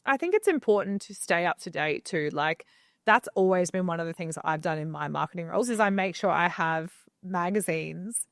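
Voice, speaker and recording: A woman's voice: lowish voice, animated, fairly quick, creaky, no room sound, clean studio sound. Chatty woman giving marketing advice. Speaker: podcast co-host. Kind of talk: casual podcast chat. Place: home studio.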